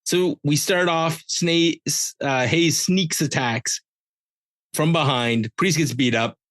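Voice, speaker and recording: A man's voice: fairly high pitch, slow pace, a bit bright, dry recording. A man hosting a podcast, giving a casual, joking, rambling recap of a wrestling show. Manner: jokey, rambling, with playful asides. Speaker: podcast host.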